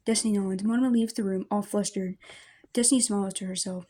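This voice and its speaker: A woman reading an amateur fan story aloud as its narrator, in a plain, steady delivery. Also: mid-range voice, quick pace.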